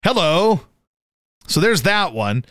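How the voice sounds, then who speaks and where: Man, radio host, casual sports banter, swings his pitch all over, profane, dry studio sound. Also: moderate pace, no echo. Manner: animated, profane, mimics people in sudden high yelps.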